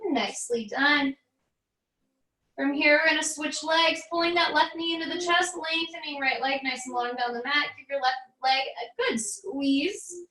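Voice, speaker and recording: An American woman, a fitness instructor, calmly guiding a barre stretching class with encouraging cues and light jokes. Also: high-pitched, normal speed, reverberant, recorded from a distance, low-quality recording.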